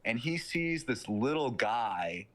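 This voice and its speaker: Young guy recapping a movie, rambly, swears a lot, mid-pitched voice. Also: big pitch swings, slow pace, over a noisy crowd. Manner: rambling retelling full of fillers and swearing. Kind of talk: casual chat.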